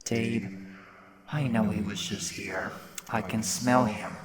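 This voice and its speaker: A man's voice: on the low side, steady tone, takes it slowly, over a noisy crowd. A man voicing a smug, teasing young woman who talks in a knowing way.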